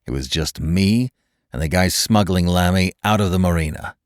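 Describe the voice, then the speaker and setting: A man's voice: low voice, normal speed, dry recording, studio quality, close to an everyday voice. A man doing a bitter captured agent. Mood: grudging. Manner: strained, bitter, grudging. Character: defiant captured American male agent.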